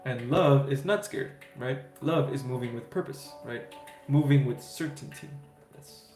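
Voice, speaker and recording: On a casual spiritual livestream, a man with an unhurried, darkish voice of medium pitch reassures viewers as he answers their questions. He leans on fillers and frequent "right?" tags. Faint music plays under a roomy, echoing recording.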